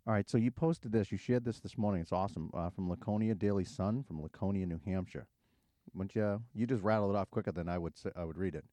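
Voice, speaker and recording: A middle-aged man hosting a podcast in casual chat, telling stories in an animated way and laughing often. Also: sits low, no echo. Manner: storytelling, animated, quick to laugh. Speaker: podcast host.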